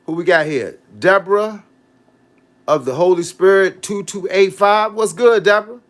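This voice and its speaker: Man in his fifties, boxing coach, livestream chat, fairly high voice, animated, slangy, preachy advice. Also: moderate pace. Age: 50s. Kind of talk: casual livestream chat reading comments.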